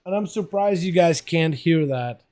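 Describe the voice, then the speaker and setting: A young man with a hoarse voice, whose first language is Russian, hosting a livestream and giving casual, excitable commentary on game duels while bantering with his chat. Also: on the high side, normal speed. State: hoarse, voice rough tonight.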